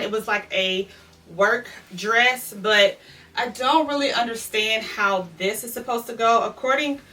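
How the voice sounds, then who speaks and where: A woman from Louisiana, a fashion vlogger, chats casually through a clothing try-on haul, out of breath and addressing viewers directly as "y'all." Her voice is a little high, bright, and forceful, recorded on a distant mic.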